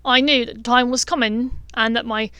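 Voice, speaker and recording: A woman's voice: a little high, fairly even intonation, normal speed, pushed and bright, clear, resonant tone, no echo. A woman voicing a kindly middle-aged wizard father with a thick brogue accent, fatherly and emphatic.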